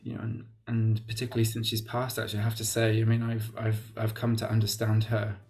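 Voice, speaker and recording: A man's voice: fairly low pitch, monotone, quick pace, a little mellow, soft background music. A Welsh man being interviewed as a guest, talking in a reflective way and often restarting his sentences with "you know". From Wales. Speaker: guest, actor. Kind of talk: casual interview chat.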